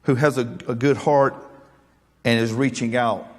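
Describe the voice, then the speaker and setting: A man's voice: mid-range voice, steady tone, moderate pace, in a large hall. A male pastor preaching a sermon, folksy and joking, then earnest and emphatic.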